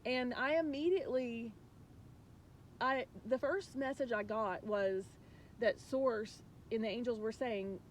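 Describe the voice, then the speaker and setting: Earnest, rambling woman coach, fairly high voice. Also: measured pace, slight background noise. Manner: earnest, rambling, many restarts; emotional, confiding. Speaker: spiritual life coach. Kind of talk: casual spiritual message to viewers.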